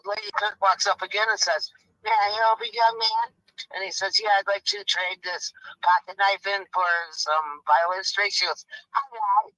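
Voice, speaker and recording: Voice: medium pitch, steady tone, moderate pace, pushed and bright, no echo, poor audio. A guest on a live stream telling dirty jokes in a folksy storytelling way, acting out the characters.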